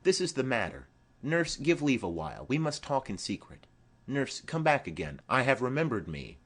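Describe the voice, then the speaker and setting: A man's voice: mid-range voice, big pitch swings, fairly bright tone, slightly rough. A man reading the part of a stately noblewoman speaking formally to her daughter in an audiobook of a play. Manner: formal, measured.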